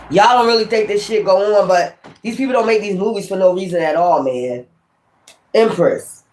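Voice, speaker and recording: A woman giving a casual spiritual tarot reading, swearing often and repeating her points for emphasis. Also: medium pitch. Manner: profane, emphatic and repetitive. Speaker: tarot reader. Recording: echoey room.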